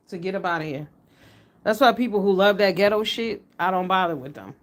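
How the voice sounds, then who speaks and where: A middle-aged woman from the United States, hosting a casual livestream and talking bluntly and animatedly, with free swearing. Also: mid-range voice. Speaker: livestream host.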